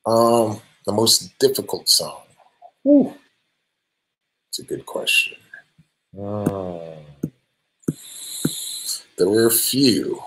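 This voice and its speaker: A band singer answering fan questions on a live stream, friendly and relaxed, with many ums and restarts. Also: male voice, on the low side, drawn-out words, long pauses, low-quality recording. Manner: friendly, thanks each fan by name.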